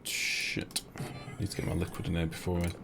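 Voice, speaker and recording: Man, low voice, casual gameplay stream, jokey banter with chat, game music in the background. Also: completely flat delivery, moderate pace. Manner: chatty, joking, reads out and answers viewer chat. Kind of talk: casual live gameplay commentary. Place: home streaming setup.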